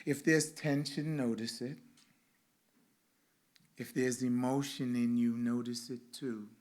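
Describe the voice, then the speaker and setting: A male reverend giving a sermon with a guided meditation at a spiritual center, speaking in slow, rhythmic lines with repeated phrases. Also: mid-range voice, steady tone, darkish tone.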